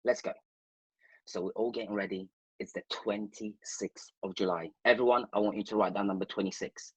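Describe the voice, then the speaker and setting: A man's voice: on the low side, fairly even intonation, brisk, husky, dry recording, rough recording. A man, a guest, telling a rambling and playful anecdote, talking straight to the listeners. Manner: rambling, playful storyteller who addresses listeners directly.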